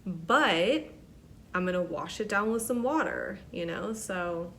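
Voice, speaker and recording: A young woman telling a story in casual chat, animated and chatty, swearing and acting out quotes. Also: mid-range voice, slow, noisy background. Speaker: podcast host.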